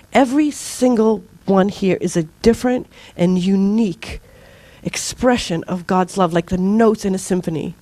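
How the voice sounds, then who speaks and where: A middle-aged woman gives an informal spiritual talk to a group. She speaks earnestly, sliding into lively storytelling where she acts out her own outbursts. Her voice is mid-pitched and sits dry and close, with almost no room sound. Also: no room sound. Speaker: spiritual teacher leading a group.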